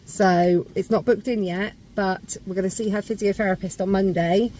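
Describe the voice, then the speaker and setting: A woman's voice: medium pitch, steady tone, moderate pace, mellow, a little hiss or hum, rough recording. A woman chatting casually to camera in a car, upbeat and now and then turning to talk to her kids. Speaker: family vlogger. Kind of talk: casual vlog chat to camera. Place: inside a parked or moving car. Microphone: phone in a holder.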